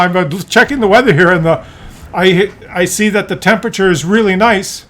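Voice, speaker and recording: A middle-aged man telling a family story in a casual vlog, animated and laughing often as he acts out voices. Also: high-pitched, normal speed. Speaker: content creator.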